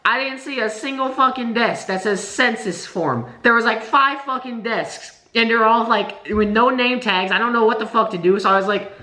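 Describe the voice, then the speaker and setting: A man's voice: very high voice, moderate pace, hardly any pauses, bright, forceful tone. A young man from Nebraska in his late teens, complaining in a profane, sarcastic vlog rant. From Nebraska, USA. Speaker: vlogger. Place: indoor room by a window. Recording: roomy, echoey room.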